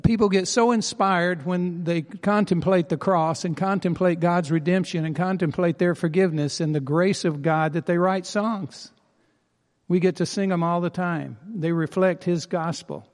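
A man's voice: high voice, measured pace, darkish tone. Earnest preaching man in a reverberant hall. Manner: earnest, emphatic preaching with repetition. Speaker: pastor. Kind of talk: sermon.

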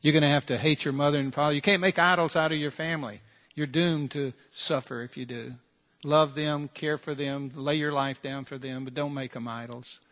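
Man, preacher, slightly high voice, earnest sermon delivery with long hall reverb. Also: fairly even intonation, normal speed, fairly bright tone. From United States. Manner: earnest, direct preaching full of repeated challenges and rhetorical questions.

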